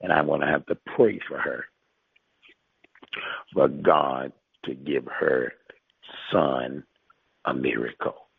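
Gravelly deep-voiced preacher on a phone line. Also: male voice, takes it slowly, long pauses, no echo. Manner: emphatic and repetitive, drawing out key phrases. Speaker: pastor. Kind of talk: preaching on a conference call.

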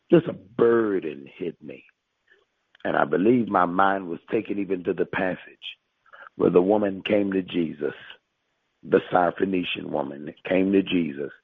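A man's voice: low voice, vocal fry, slightly rough, no echo. A male pastor preaching and prophesying to listeners on a conference call, emphatic and repetitive, drawing out key phrases. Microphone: phone line. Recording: tinny phone line.

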